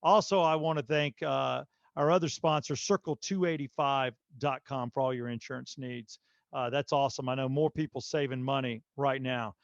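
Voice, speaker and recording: A man hosting a podcast, telling a long story in a casual, animated way with lots of fillers. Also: mid-range voice, moderate pace, creaky, no room sound, dull audio. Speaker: podcast host.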